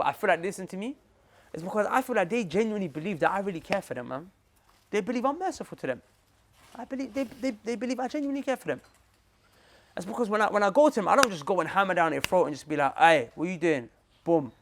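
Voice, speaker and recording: A young man preaching to a room of listeners in a quick, restless flow. His pitch leaps up and down as he repeats points and drops in street slang, turning to the audience again and again. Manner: animated, repetitive, slangy, addresses listeners directly. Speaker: Muslim preacher. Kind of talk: lively motivational talk to a group.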